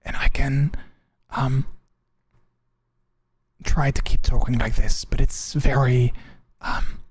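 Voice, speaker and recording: A man's voice: mid-range voice, steady tone, slow. Man putting on a whispering ASMR streamer, whispered role-play. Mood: teasing. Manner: breathy whisper, leaning close. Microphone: close desk microphone.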